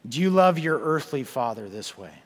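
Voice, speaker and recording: A man's voice: mid-range voice, lively intonation, normal speed, big-room sound. A man preaching a sermon and reading scripture aloud, often repeating words and putting questions to his listeners. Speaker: pastor.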